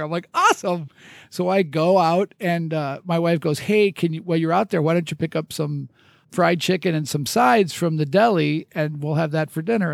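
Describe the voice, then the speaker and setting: A man's voice: on the high side, gravelly, no echo, studio quality. A middle-aged man hosting a podcast, telling a rambling, self-mocking story at a casual pace, with restarts and laughs. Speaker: podcast host.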